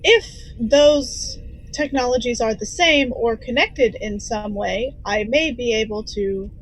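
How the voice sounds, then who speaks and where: Woman doing an earnest android crewmate, careful and halting, highish voice. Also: slightly rough, rough recording. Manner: careful, halting, thinks aloud. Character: earnest golden android crew officer. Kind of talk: tabletop role-play in character.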